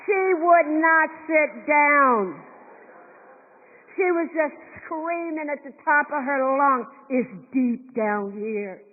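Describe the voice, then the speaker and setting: A woman's voice: sits high, lively intonation, slow. A woman performing a fervent middle-aged school principal on a concert hall stage, telling stories emphatically and acting out the voices of the people she quotes. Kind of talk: verbatim theatre monologue. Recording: echoey hall, thin tinny sound.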